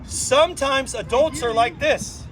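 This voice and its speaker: A man leading a drum circle gathering, giving an inspirational talk, playful and animated, full of rhetorical questions. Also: extremely high pitch, a little slow, some chatter behind, a little hiss or hum, poor audio. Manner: asks frequent rhetorical questions.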